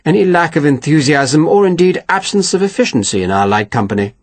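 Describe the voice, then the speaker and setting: A man as a measured, polite officer. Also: on the high side, animated, dry recording. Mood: level.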